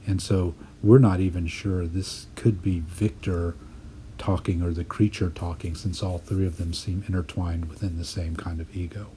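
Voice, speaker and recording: A man teaching poetry writing in a voice-over lesson, explaining his drafts in a thoughtful, measured way. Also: low-pitched, steady tone, dark tone, slight background noise.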